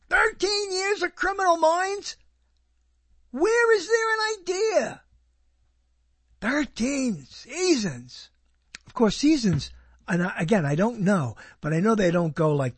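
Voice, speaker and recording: A man's voice: high-pitched, slightly rough, no echo. A man rambling in casual commentary, sarcastic and wandering, often breaking off his own sentences. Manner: sarcastic, wandering, self-interrupting. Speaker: video host reviewing TV listings.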